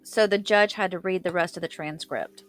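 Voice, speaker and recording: Woman recapping, low voice, faint music. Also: normal speed, fairly bright tone. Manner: retells quotes with rising intensity, frequent fillers like "kind of". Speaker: commentator retelling courtroom testimony. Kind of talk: casual recap of interrogation video.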